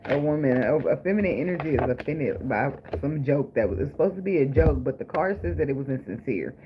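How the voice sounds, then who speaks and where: A man's voice: on the high side, animated, brisk. A man giving a casual tarot reading, blunt, profane and joking, with frequent laughs. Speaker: tarot reader. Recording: noisy recording with clicks.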